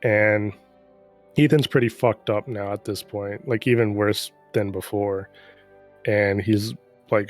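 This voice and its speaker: A man's voice: lowish voice, steady tone, measured pace, soft background music. A man casually recapping a game's story in a rambling, profane, sarcastic way. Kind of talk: casual chat.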